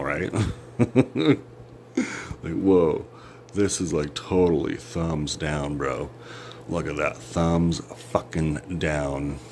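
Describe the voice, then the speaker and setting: Guy rambling to his phone, real low voice, slow and sarcastic, swears a ton. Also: a little mellow, slight background noise. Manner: profane, sarcastic, jumpy rants with sudden laughs. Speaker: vlogger. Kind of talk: rambling monologue to camera. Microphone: phone or camera.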